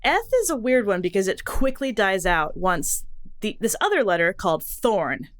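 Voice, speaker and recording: Lively woman chatting about old alphabets. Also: mid-range voice, moderate pace. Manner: animated, jumps between tangents, laughs often. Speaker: podcast co-host explaining letter history. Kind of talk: casual podcast chat.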